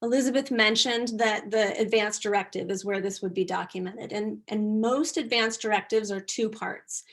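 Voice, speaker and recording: A middle-aged woman leads an online workshop in a gentle, earnest voice. She rephrases as she goes and keeps a calm, caring tone. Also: mid-range voice, moderate pace, few pauses. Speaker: workshop presenter.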